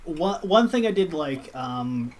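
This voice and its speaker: A man in a casual podcast chat reviewing a movie, animated, swearing freely and laughing often. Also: a little high, slow pace, a little hiss or hum. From Boston area. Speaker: podcast co-host.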